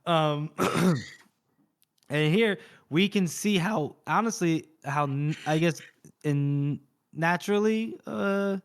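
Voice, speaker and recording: A man co-hosting a podcast, casually retelling a story and acting out the quoted lines. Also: fairly high pitch. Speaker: podcast co-host recapping a novel. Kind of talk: casual chat.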